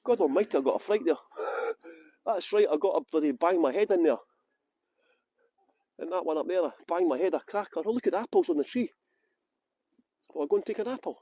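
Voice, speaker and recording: A man's voice: high voice, expressive, brisk, pauses often, dry recording, highs cut off. A Scottish man giving a live walking tour of outdoor gardens, joking and teasing his viewers while filming on a handheld phone. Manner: joking, facetious banter with viewers. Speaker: tour guide.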